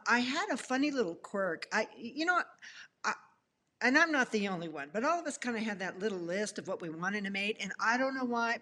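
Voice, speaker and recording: A middle-aged woman telling her love story in an animated, expressive way, acting out what she thought at the time. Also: mid-range voice. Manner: expressive, laughing, acts out her own past thoughts.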